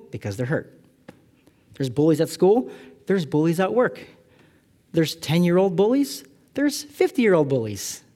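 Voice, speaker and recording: Animated preaching man from California. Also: on the high side. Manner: animated, self-deprecating storytelling. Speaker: pastor. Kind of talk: sermon.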